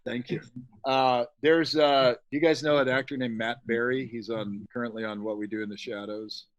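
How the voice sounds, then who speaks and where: A man's voice: medium pitch, steady tone, normal speed, highs cut off. A middle-aged man, a special effects artist guesting on a podcast, talking casually in a rambling, jokey way and swearing freely.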